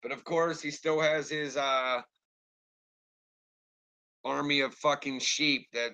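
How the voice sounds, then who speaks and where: A man's voice: mid-range voice, steady tone, slow pace, long pauses, sharp tone, clear, resonant tone, muffled recording. A man ranting on a live stream and answering his chat, angry, rambling and swearing constantly. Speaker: livestreamer talking to chat.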